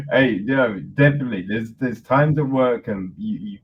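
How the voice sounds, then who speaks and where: A man hosting a podcast, chatting in a relaxed conversational way, often saying "you know". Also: mid-range voice, unhurried, dull audio, slight background noise. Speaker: podcast host.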